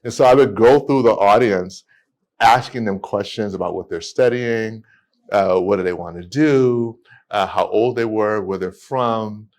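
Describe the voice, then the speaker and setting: A man, a podcast guest telling stories in a lively way with many restarts. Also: fairly low pitch, unhurried. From United States. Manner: animated storytelling with many restarts. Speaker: guest, immigration attorney. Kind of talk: casual podcast conversation.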